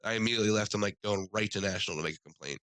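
Man, podcast co-host, bright forceful voice, animated storytelling. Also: very fast, no echo, rough recording. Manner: animated, acts out quoted people in higher voices. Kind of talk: casual storytelling chat.

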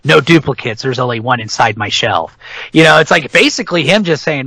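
Middle-aged man, podcast co-host, rambling profane rant, bright forceful tone, dry close sound. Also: mid-range voice, expressive, brisk, no room sound, poor audio. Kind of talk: casual chat about metal albums.

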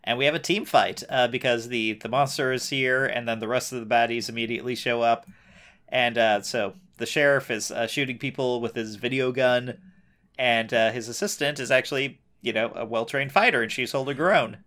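A man in an easygoing recap chat, talking at an average pitch and riffing sarcastically on what happens. He mocks the plot with dry asides. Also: a little fast, fairly bright tone. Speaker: podcast co-host.

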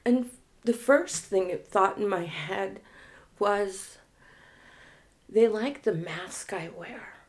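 A woman in recovery telling her personal story in a reflective, halting and frank way. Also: mid-range voice, darkish tone. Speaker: guest in recovery.

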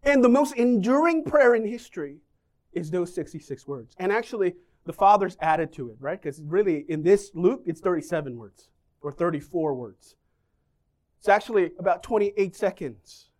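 A man delivering a sermon in a casual, humorous way. His pitch swings widely as he moves between jokes and points. He often turns to the congregation with questions. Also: moderate pace. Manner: lively, joking, asks the congregation questions. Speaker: pastor.

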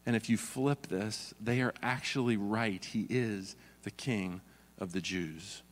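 A man's voice: on the low side, unhurried. A man preaching a sermon, earnest and demonstrative, often reading scripture aloud. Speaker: pastor. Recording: long hall reverb.

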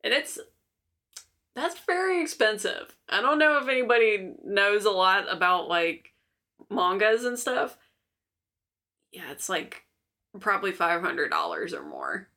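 A young woman chatting casually as co-host, relaxed and a bit hesitant with many fillers. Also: mid-range voice, measured pace, pauses often. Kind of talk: casual chat.

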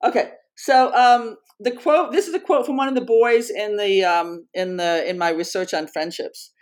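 A middle-aged woman researcher and author, telling a story as an interview guest in an earnest, animated way, with frequent restarts. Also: mid-range voice, normal speed.

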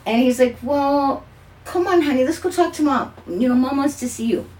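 An older woman, a grandmother, tells a family story in casual conversation, animatedly acting out the voices of its characters. She has a high-pitched voice and talks at normal speed.

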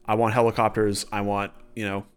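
A man's voice: fairly low pitch, level tone, brisk, clear, resonant tone. A man co-hosting a podcast in casual, rambling chat, opinionated and sweary. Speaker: podcast co-host.

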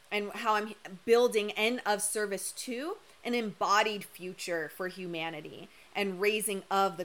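A young woman coach talks straight to her viewers in a live-stream monologue, candid and emphatic, with casual swearing. Her voice sits at an ordinary pitch for a woman, and it sounds a little worn because she is losing it. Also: a bit bright. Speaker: human design coach.

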